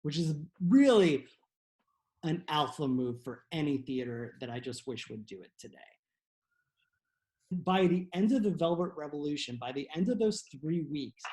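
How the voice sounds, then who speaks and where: A man's voice: a little high, a little mellow. A man, a playwright, tells a history story in a loose, rambling, profane comic style with many restarts. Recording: echoey room.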